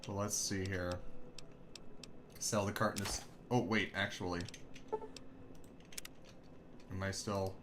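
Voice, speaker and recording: A man's voice: sits low, level tone, normal speed, background noise. A man who is a streamer and voice actor, rambling and thinking aloud in casual gameplay commentary.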